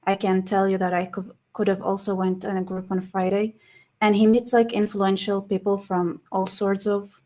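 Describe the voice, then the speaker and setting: A tired, slightly hoarse woman hosting a casual live stream, rambling with frequent restarts and reading chat comments aloud. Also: mid-range voice, flat delivery, moderate pace, mellow. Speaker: livestream host.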